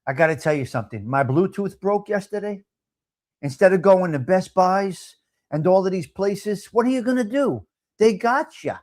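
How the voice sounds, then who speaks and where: A man's voice: high voice, expressive, normal speed, darkish tone. A man hosting a live talk show, brash and profane, repeating himself as he riffs. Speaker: host.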